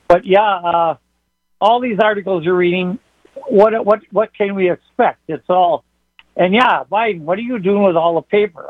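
A man calling in to a radio talk show, rambling and halting as he talks. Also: high voice, no room sound. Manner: rambling, halting, with many restarts. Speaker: caller. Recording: phone line.

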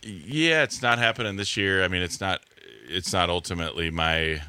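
A man in his forties speaks as a guest on a radio show, pausing and restarting his sentences as he thinks. His voice sits extremely low yet comes across bright and forceful. The studio sound is dry and close. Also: clean tone, no room sound. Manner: relaxed, halting, many restarts and fillers. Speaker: radio guest, music venue owner. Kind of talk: casual radio interview.

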